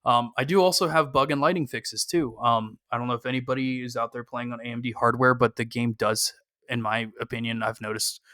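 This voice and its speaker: Bright, clear-voiced man on a podcast. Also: medium pitch, steady tone, fairly quick, dry recording, studio quality. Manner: frequent "um" fillers, cautious and opinionated. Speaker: podcast co-host. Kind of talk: casual podcast discussion.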